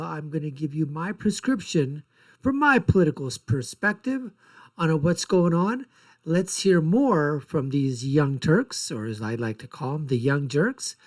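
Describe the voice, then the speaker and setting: A man hosting a political commentary show, ranting in a blunt, sarcastic and mocking way. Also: on the high side.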